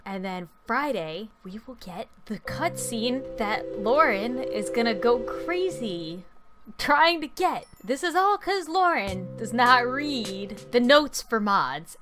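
A woman hosting a let's play, commenting in an excitable, exclamatory way and playfully threatening the game character. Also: mid-range voice. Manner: excitable and exclamatory, openly frustrated. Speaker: gaming video host.

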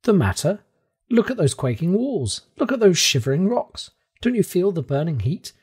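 A man voicing a frantic, terrified young nephew, talking in a high, shrill, pleading way in a storybook reading. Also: very animated, quick pace, husky, full character voice. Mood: panicked.

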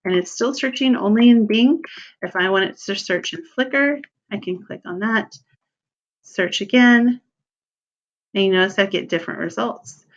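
A woman's voice: medium pitch, moderate pace. Lo-fi woman walking through a tutorial. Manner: relaxed, thinking aloud with ums and self-corrections. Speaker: teacher giving a software tutorial. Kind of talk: screen-recorded tutorial walkthrough.

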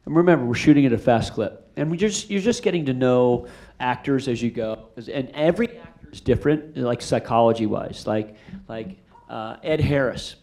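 A middle-aged male director takes questions in a theater after a screening. His voice sits at an ordinary middle pitch. He tells his stories with a rambling, animated energy, full of restarts and fillers. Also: moderate pace. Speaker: film director answering audience questions. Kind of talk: casual storytelling Q&A.

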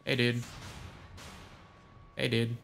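A man's voice: medium pitch, monotone, extremely slow, vocal fry, fairly bright tone, a little hiss or hum. A young man giving casual let's-play commentary, reacting with crude, sarcastic jokes. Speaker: gaming voice-over streamer.

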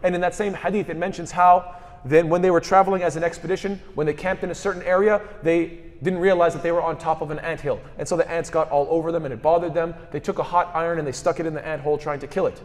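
A man's voice: a little high, fairly even intonation, fast talker, in a large hall. A man delivering a sermon, asking rhetorical questions and quoting scripture in Arabic. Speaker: speaker at a mosque.

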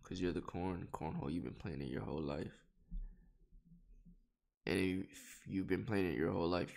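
A young man streaming reaction commentary, profane and excitable, talking straight to his chat. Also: low voice, moderate pace, creaky, long pauses.

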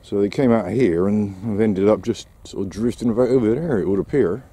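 A man's voice: lowish voice, brisk, mellow, breathy edge. A man giving casual vlog commentary outdoors while walking his dog, full of wry, sarcastic asides. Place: outdoors on a seaside quay.

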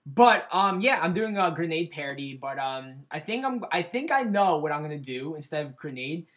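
A man's voice: fairly high pitch, lively intonation, moderate pace, a bit bright. A man chatting casually in a home vlog, rambling and self-deprecating, with many ums and restarts, recorded indoors through his computer's built-in mic. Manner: hesitant, full of ums and restarts. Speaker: YouTube vlogger. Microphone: computer webcam mic.

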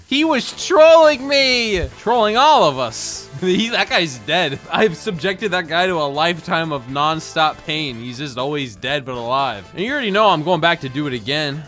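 A young man doing playful, joking gameplay commentary as a gaming YouTuber, often breaking into shouts. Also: on the high side, animated, normal speed, few pauses, soft background music.

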